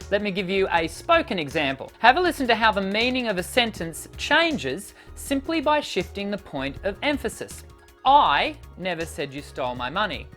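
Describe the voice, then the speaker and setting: Woman vocal coach, lively expressive delivery, faint music underneath. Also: mid-range voice. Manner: clear, expressive teaching voice. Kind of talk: singing lesson.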